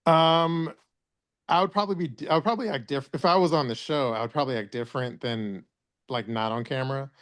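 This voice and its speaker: A man's voice: medium pitch, a little fast, a bit bright. Rambling, crude-joking man co-host. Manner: rambling, restarts often, crude jokes. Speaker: podcast co-host. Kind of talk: casual chat.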